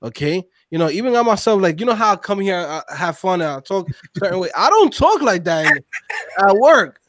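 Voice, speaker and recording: Animated high-voiced slangy man. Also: a little fast, no echo. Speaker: podcast co-host. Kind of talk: casual conversation.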